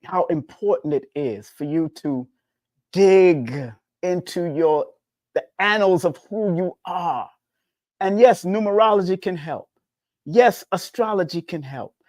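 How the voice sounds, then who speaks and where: A man giving a casual spiritual talk as a numerology teacher, preachy and repetitive, swinging his pitch up and down. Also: a little slow, a little mellow, dry recording, studio quality.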